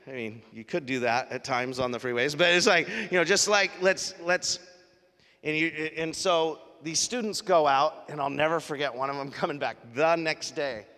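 A man preaches to his congregation in a relaxed, storytelling manner, his fairly high voice bright and forceful. The sound rings with the long reverb of a large hall. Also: normal speed. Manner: conversational storytelling, animated. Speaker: pastor. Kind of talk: sermon. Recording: live sermon in a reverberant hall.

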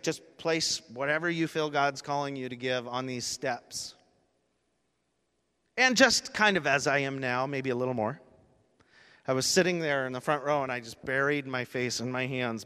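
A pastor delivers a sermon from the pulpit in a clear, resonant voice of middling pitch with a sharp tone. His heartfelt story builds to emphatic peaks, and a long reverb from the large church hall trails his words.

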